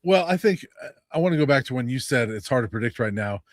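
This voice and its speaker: A man who covers college football as a beat writer, explaining his view as a guest in a calm, measured way. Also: mid-range voice, no echo. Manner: measured, explanatory, many fillers. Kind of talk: sports analysis, casual.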